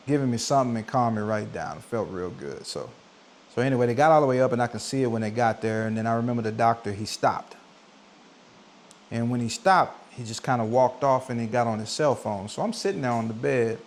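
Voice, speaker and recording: A man in his forties telling a personal story in a relaxed sit-down vlog, talking conversationally and getting animated when he acts out what people said. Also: medium pitch, brisk, slight background noise. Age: 40s. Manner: conversational, animated when quoting himself and others. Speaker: vlogger. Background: soft coffeehouse music.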